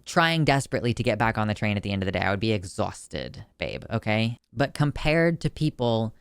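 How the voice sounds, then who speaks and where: Chatty man with a smooth voice. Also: lowish voice, sing-song, brisk, no echo, studio quality. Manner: chatty and emotional, full of "like" fillers and restarts. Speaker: film reviewer. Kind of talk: casual video film review.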